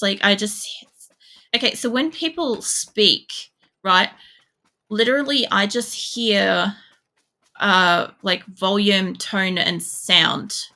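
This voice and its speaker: A woman's voice: medium pitch, takes it slowly, bright, forceful tone. A young woman from Poland streaming a shooter game, chatting casually in a rambling way, swearing freely and using lots of fillers. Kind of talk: casual chat while gaming.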